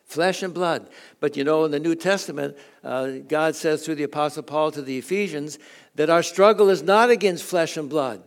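An older man giving a folksy sermon, telling chuckling personal stories and reading scripture with halting restarts. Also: a little high. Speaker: guest preacher.

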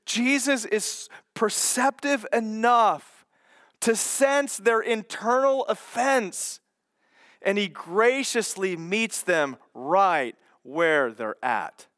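A man's voice: high-pitched, slow, dry recording, studio quality. A man preaching a sermon, teaching verse by verse and acting out the doubters' questions with expression. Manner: expressive, voices the skeptics' questions.

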